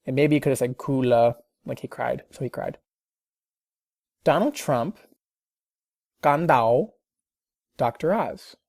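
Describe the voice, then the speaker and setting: A teacher learning Mandarin who talks through practice sentences in a casual video diary, chatty and thinking aloud with quick self-corrections and small laughs. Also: medium pitch, a little mellow, no room sound, studio quality.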